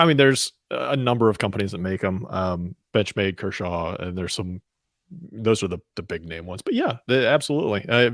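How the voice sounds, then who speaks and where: A man's voice: on the low side, dry recording. A man co-hosting a radio talk show, chatting casually and reading the news in a dry, matter-of-fact way. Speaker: co-host and news reader.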